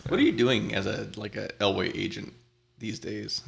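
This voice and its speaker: A man's voice: fairly low pitch, moderate pace, gravelly. A man co-hosting a live bourbon show in casual chat, joking and laughing often. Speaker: podcast co-host.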